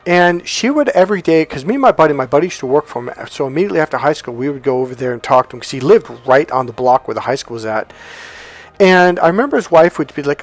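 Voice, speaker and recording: A man's voice: mid-range voice, fast talker, soft background music. A man giving blunt dating advice, swearing freely and telling stories in which he acts out what other people said. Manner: profane, blunt, storytelling with acted quotes. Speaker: dating coach. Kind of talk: unscripted coaching talk.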